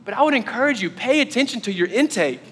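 Pastor guy, casual rambly sermon, high bright voice, echoey hall. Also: animated, fast talker, husky. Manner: casual and chatty, heavy with "like". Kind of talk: conversational sermon.

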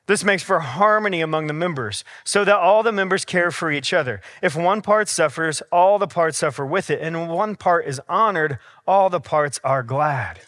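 A man's voice: fairly high pitch, normal speed, hardly any pauses, fairly bright tone, dry recording, studio quality. A man preaching a casual, conversational sermon in a church, with everyday stories and acted-out dialogue. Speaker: pastor. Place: church sanctuary.

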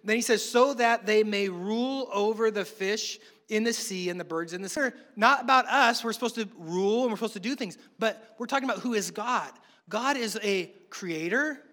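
A man's voice: sits high, brisk, few pauses, a bit bright, in a large hall. A middle-aged man from the United States preaching a sermon in a conversational way, weaving in humorous family stories. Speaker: pastor.

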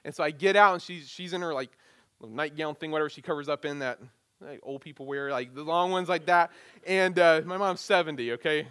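Storytelling pastor, higher voice, dry sound. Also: male voice, normal speed, dry recording. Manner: animated, self-deprecating storytelling. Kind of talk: sermon with a personal story.

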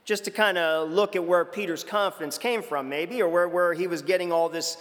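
A man's voice: high voice, fairly even intonation, moderate pace, a bit bright, in a large hall. A man preaching a sermon in a conversational way, acting out quoted lines with dramatic shifts.

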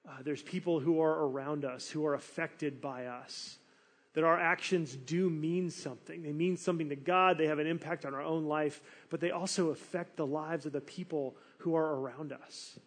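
A man delivering a sermon with a high, light voice. He tells the story in a casual, animated way and keeps slipping into acted-out quotes. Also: normal speed. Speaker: pastor.

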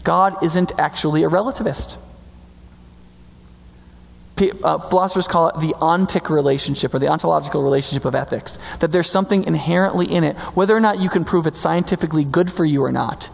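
A man preaching a sermon in a conversational, emphatic way, slowing down to stress key words. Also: a little high, vocal fry. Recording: long reverb hall.

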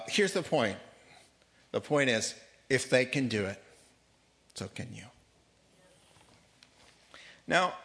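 Male pastor, mid-pitched voice, lively joking sermon delivery, reads scripture aloud. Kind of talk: sermon Bible study.

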